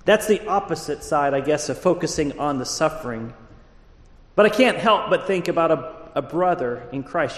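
High-voiced pastor preaching in a reverberant hall. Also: male voice, lively intonation. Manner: measured preaching, drawing out key words. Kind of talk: sermon. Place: church sanctuary.

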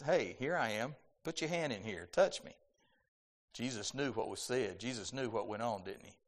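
A man preaching a sermon, reading scripture aloud with rising emphasis and dropping soft on key lines. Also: medium pitch. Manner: animated, rises loud on scripture then drops soft.

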